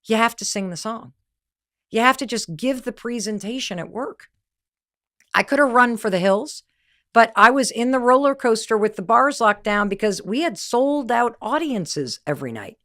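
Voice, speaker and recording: A middle-aged woman with a fairly high voice gives a motivational talk. She speaks candidly and with emphasis. She tells personal stories and acts out other people's words. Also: animated, moderate pace, fairly bright tone. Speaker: podcast host and speaker.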